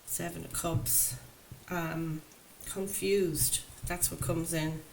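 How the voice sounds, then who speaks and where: A woman doing a tarot reading speaks slowly in a lowish, creaky, darkish voice with little pitch movement. Even so, she's enthusiastic and chatty with her viewers and laughs often. The low-quality recording has faint background noise.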